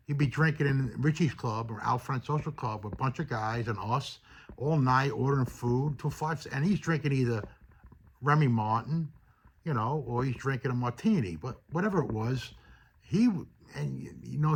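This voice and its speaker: A man spins a long story from his own memories in a loose, rambling way. His voice is husky and a bit rough, and he keeps dropping in fillers and acting out bits of dialogue as he goes. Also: mid-range voice. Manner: rambling, full of "you know" fillers and quoted dialogue. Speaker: storyteller recounting personal memories. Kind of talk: casual storytelling.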